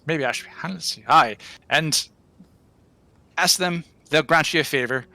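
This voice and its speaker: A man doing a gruff, giant-hating dwarf who talks with a thick put-on accent, pitched well above his own voice, with an emphatic, bright, forceful edge. The earnest old warrior of a tabletop game. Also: moderate pace, dry recording, full character voice. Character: gruff grateful male dwarf, hates giants.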